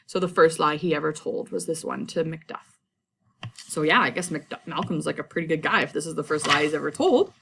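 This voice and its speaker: A woman teacher retells a play in a chatty, informal lesson. Her voice sits a bit low. She fills pauses with ums and casual asides. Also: vocal fry, fairly bright tone.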